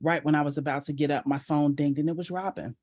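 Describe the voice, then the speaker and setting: A woman's voice: low-pitched, fairly even intonation, quick pace, darkish tone. A middle-aged woman giving a heartfelt personal testimony on a video call, earnest and emotional, her voice swelling with gratitude. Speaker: team member sharing her story.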